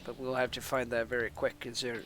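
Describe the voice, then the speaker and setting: A man's voice: mid-range voice, little pitch movement, fairly quick, a bit bright, slight background noise. A man from Finland, a native Finnish speaker with American-sounding English, rambling in casual stream chatter as an esports caster between matches and laughing at himself.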